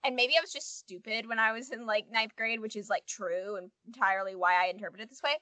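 A young woman with a high, sharp, bright voice chats casually as a podcast co-host. She rambles, leaning on "like" at every turn. The sound is dry and close. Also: fast, no echo. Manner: rambling, many "like" fillers. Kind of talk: casual chat.

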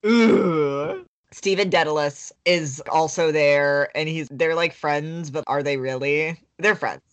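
A woman's voice: sits low, fairly even intonation, a little slow. A woman co-hosting a podcast, casually recapping a book in a rambling way with lots of filler words. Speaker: podcast co-host. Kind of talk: casual chat summarizing a book.

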